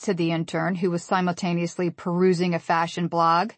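A woman in her forties from the USA, reading her own humorous memoir in a wry, deadpan way. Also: on the low side, a little fast, few pauses, dry recording. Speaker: author narrating a memoir. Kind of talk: humorous audiobook narration.

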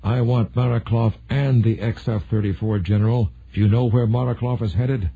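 A man voicing a determined male Air Force colonel who talks in a firm, blunt way, with a husky voice. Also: mid-range voice, fairly even intonation, normal speed. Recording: narrow phone-like sound.

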